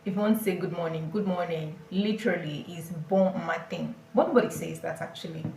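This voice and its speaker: A woman teaching a beginner French lesson, explaining slowly and deliberately and often checking that listeners follow. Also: on the low side, vocal fry, darkish tone, echoey room, recorded from a distance, slight background noise, rough recording. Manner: slow, deliberate explaining with repeated check-ins.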